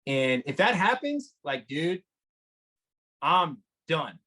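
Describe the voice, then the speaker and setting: A man giving an interview, retelling a tense encounter in an animated way, with lots of fillers and restarts. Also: fairly high pitch, slow, rough recording. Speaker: motorcycle engine builder guest. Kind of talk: storytelling interview.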